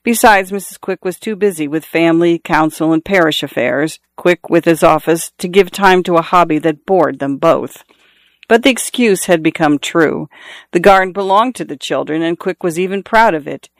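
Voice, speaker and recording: A man reading a novel aloud in a measured storytelling manner, lifting his voice for characters' calls. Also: no room sound, studio quality. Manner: measured storytelling, lifts pitch for quoted calls. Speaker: audiobook narrator. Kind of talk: scripted narration.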